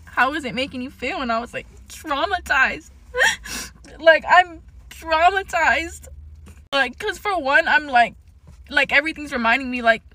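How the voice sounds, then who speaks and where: A woman's voice: high-pitched, sharp tone, dry recording. A young woman in a confessional vlog, tearful and shaky, rambling with many fillers and swear words. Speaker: vlogger.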